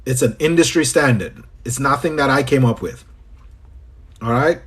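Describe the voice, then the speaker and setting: Husky Trinidadian man coaching on a livestream. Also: mid-range voice, moderate pace. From Trinidad and Tobago. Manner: chatty, greets viewers by name and repeats phrases. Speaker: business coach.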